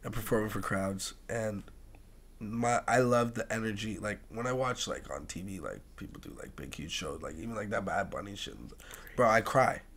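Animated young man, casual podcast guest. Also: on the low side, moderate pace. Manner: animated storyteller, swears freely, swings from soft to loud laughing bursts. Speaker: guest, music producer and tattoo artist.

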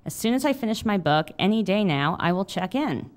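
A woman in her thirties, an author reading a confessional memoir aloud in a wry manner, then answering questions with halting fillers. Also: mid-range voice, sing-song. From United States. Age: 30s.

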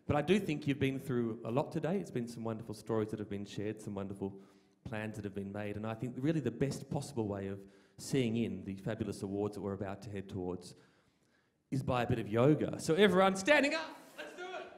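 A comedian with an Australian accent working as an awards MC, talking in mock-stern, dry deadpan patter on stage. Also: male voice, on the low side, a little fast. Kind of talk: stand-up comedy with a sung comic song. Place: large event hall, on stage. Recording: hall reverb, music behind.

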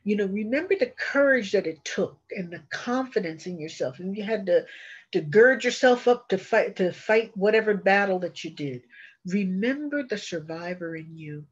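A woman's voice: medium pitch, lively intonation, moderate pace, husky. An older woman, a retired social worker, giving an earnest, encouraging webinar talk with frequent restarts, heard over a video call. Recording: slightly dull video call audio.

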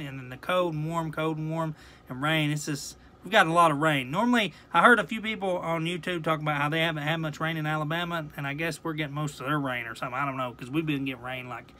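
A man's voice: a little high, bright, forceful tone. A man in his thirties with a Southern US accent, chatting and rambling to the camera as a fishing vlogger and swearing at mishaps. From Tennessee. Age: 30s. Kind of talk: casual self-talk while fishing.

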